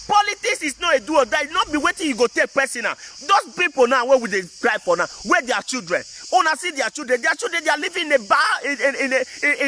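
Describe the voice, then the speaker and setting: A man's voice: very high-pitched, bright, forceful tone, a little hiss or hum. A man with a Nigerian Pidgin English accent, ranting to his viewers in a casual, emphatic and repetitive way. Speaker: vlogger. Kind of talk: casual political rant to viewers.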